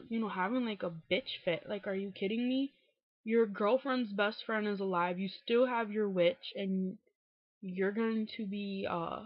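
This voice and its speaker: A woman rants through a casual recap vlog, frank and exasperated, swearing freely and leaning on "like" and "um". Her voice sits at an ordinary middle pitch. The recording sounds dull and dry, with no room echo. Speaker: TV episode recapper.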